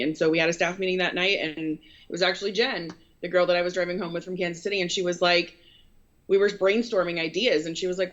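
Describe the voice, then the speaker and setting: Earnest woman storyteller, lowish voice, rambling, dull lo-fi sound. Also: steady tone, fast talker, fairly bright tone. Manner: earnest, rambling with many fillers. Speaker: photographer and business owner. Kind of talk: casual interview storytelling. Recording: dull lo-fi recording.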